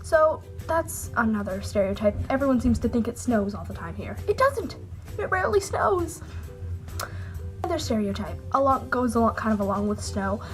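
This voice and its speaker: A woman's voice: a little high, sing-song, normal speed, soft background music. A woman vlogging to camera in a chatty, rambling, jokey way, sounding a little sick with a cold. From Canada. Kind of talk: casual chat to camera.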